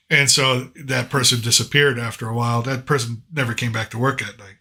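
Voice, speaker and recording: Casting: American male host, very bright, edgy voice, rambling anecdotal delivery. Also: medium pitch, fairly even intonation, fairly quick, few pauses. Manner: rambling anecdotal, frequent restarts and quoted dialogue. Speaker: podcast host. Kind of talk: casual storytelling chat.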